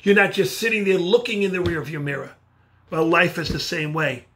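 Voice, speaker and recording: Animated New man giving a pep talk. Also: a little high, normal speed, a little hiss or hum. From New York. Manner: animated, gestures while talking. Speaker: motivational speaker. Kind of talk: motivational speech by video. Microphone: video camera.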